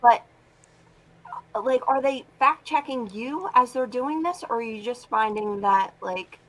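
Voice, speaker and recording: A woman's voice: on the high side, a little slow, fairly bright tone, rough recording. A female co-host asking the guest questions in a casual way, with many "like" fillers. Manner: casual, fills with "like". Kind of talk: podcast interview.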